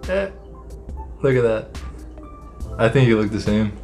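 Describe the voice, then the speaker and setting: A man's voice: lowish voice, expressive, a little slow, gravelly, darkish tone, soft background music. A man co-hosting a casual couple vlog, playfully teasing his wife and fishing for praise. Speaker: vlog co-host, husband.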